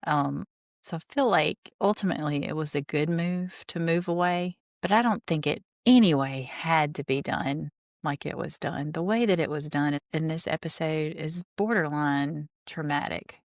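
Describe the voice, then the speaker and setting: Chatty woman, low voice. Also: moderate pace, no room sound, studio quality. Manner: chatty, indignant, recaps scenes and reads quotes aloud. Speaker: podcast host. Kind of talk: reality TV rewatch commentary.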